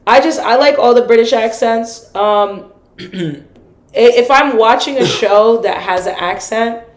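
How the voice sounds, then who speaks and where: A woman's voice: fairly high pitch, a little slow. An American woman co-hosting a casual podcast chat, talking over her partner and repeating words as she goes. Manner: talks over others, repeats words while finding them. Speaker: podcast co-host. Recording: echoey room.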